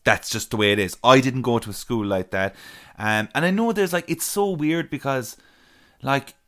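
Young Irish man, casual chat, relaxed, full of "like", mid-pitched voice. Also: normal speed. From Ireland. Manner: relaxed, swearing, lots of "like". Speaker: podcast co-host.

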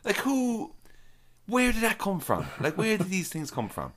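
A man's voice: sits high, wildly swooping pitch, a little slow, a crowd in the background. A man co-hosting a casual podcast chat, rambling and swearing, with lots of "like" fillers. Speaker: podcast co-host.

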